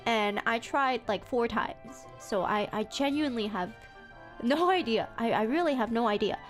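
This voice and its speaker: A woman's voice: on the high side, moderate pace, soft background music. A woman VTuber chatting casually on stream, telling a story with lots of laughter and stumbling restarts. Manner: animated storytelling with frequent laughter; self-repeating, stumbling restarts.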